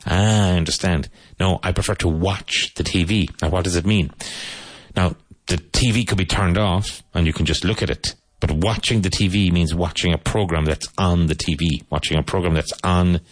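Deep-voiced man teaching English. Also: no echo. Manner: repeats each question and answer slowly for learners. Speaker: English teacher hosting a live lesson. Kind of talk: live language lesson.

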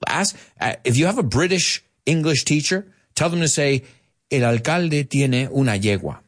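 An American man teaching English in a live online lesson, chatty and animated, dropping in Spanish asides. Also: a little high, normal speed.

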